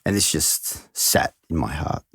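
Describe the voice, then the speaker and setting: Husky deep-voiced man telling a heartfelt story. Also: lively intonation, a little slow, a bit bright, no echo, studio quality. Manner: earnest, heartfelt, reflective. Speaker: head of school, guest. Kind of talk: reflective storytelling in a podcast interview.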